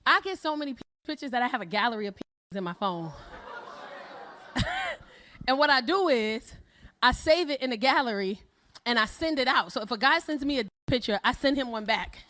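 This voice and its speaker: A woman's voice: fairly high pitch, animated, brisk, sharp tone. A woman performing a bold, brash stand-up comedy set on a club stage, often laughing at her own jokes. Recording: faint crowd laughter and noise.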